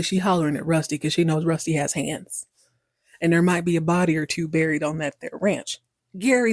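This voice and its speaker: Excitable woman recapping a TV episode. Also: fairly low pitch, no room sound, clean studio sound. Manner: excitable, animated storytelling. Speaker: podcast host. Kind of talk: casual TV recap.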